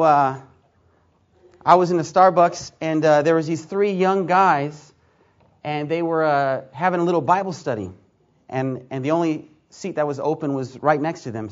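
A man's voice: medium pitch, dull audio. A male pastor telling a story in a sermon, acting out the lines of the people in it. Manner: animated storyteller acting out dialogue.

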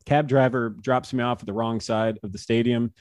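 A man's voice: mid-range voice, normal speed, dry recording. Laid-back man telling stories, dry sound. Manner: relaxed, laughs often, acts out quotes. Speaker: former baseball pitcher, guest. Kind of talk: casual interview storytelling.

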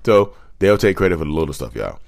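A man with a very low, deep voice talks casually to his viewers, calling them y'all. He rambles, repeats himself and swears bluntly as he goes. He speaks into a handheld microphone. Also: very animated, fast, creaky. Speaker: YouTuber talking about narcissism. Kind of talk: casual vlog monologue. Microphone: handheld USB microphone.

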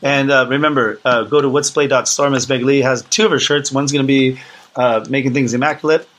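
A man's voice: mid-range voice, steady tone, a little fast, fairly bright tone. A man hosting a podcast in a casual chat, joking around and hyping up his co-host.

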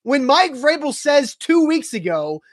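A man's voice: extremely high pitch, sing-song, measured pace, no room sound, clean studio sound. A man co-hosting a sports talk show, building his argument step by step. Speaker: podcast co-host.

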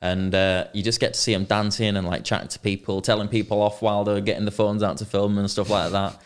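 A man's voice: lowish voice, flat delivery, quick pace, clear, resonant tone. A young man telling a rambling, sweary story in casual chat as a podcast co-host.

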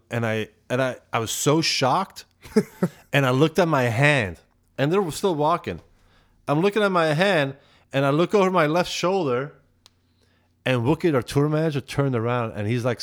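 A man from Belgium, chatting as a podcast guest, tells stories with lively heat and plenty of swearing. His pitch is plain and mid-range. He sounds relaxed but fired up. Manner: animated, profane, heated when retelling. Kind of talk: casual storytelling chat.

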